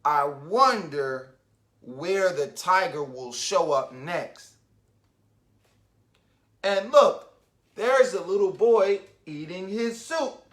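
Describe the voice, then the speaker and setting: A man reading a children's picture book aloud, his voice bright and ringing as it leaps up and down in pitch. He takes his time, unhurried and patient. He keeps turning to his young listeners with questions and pauses to wonder. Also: lively intonation.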